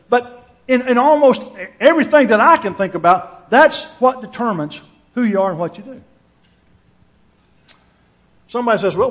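A man's voice: high voice, a bit bright. A man preaching a sermon to his congregation, earnest, restarting his words and putting questions to the listeners. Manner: earnest, repeats words while thinking, asks the listeners questions. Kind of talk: sermon with scripture reading. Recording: dull lo-fi recording.

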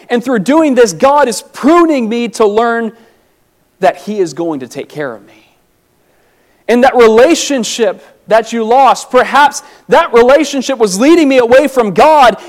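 A man preaching a sermon, earnest, rising to emphatic peaks and dropping low and soft on reflective lines.

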